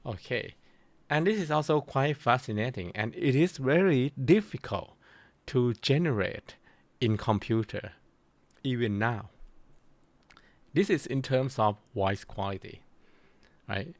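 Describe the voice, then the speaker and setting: A middle-aged man giving a university lecture, halting with many restarts and fillers. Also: mid-range voice, lively intonation, no room sound.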